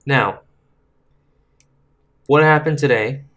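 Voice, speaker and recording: A man's voice: medium pitch, fairly bright tone. Frustrated man vlogging political commentary. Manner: frustrated, halting, with restarts while reading. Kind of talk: casual vlog commentary reading a letter aloud.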